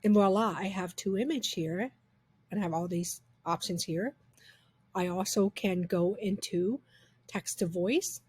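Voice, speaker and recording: Upbeat breathy woman demoing software. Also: medium pitch, measured pace, no echo. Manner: upbeat, chatty, enthusiastic. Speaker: software reviewer. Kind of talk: casual screen-recorded software demo.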